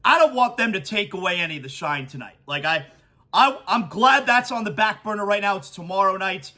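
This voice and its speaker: A man hosting a sports podcast, talking emotionally and excitedly in a monologue with many stammered restarts. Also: high voice, brisk. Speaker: podcast host.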